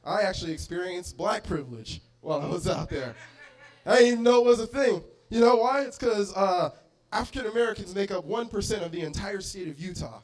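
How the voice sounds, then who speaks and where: A young adult man from Arizona performs an animated stand-up set in a bar, breaking into loud bursts and acted-out voices. His voice sits high and he talks fairly quickly.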